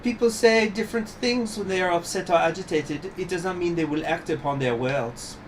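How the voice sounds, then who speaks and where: A poised aristocratic woman from a game, read aloud by a man, smooth and calmly dismissive. She brushes off accusations without raising her voice. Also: high voice, a little fast, slight background noise, voice pushed up, lightly acted, rough recording.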